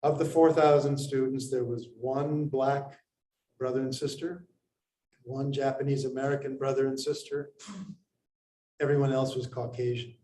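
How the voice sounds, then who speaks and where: Man from India, storyteller, pausing, unhurried, roomy sound, faint noise behind. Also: medium pitch. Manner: unhurried, pausing, with lively acted quotes. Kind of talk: personal story told to an audience.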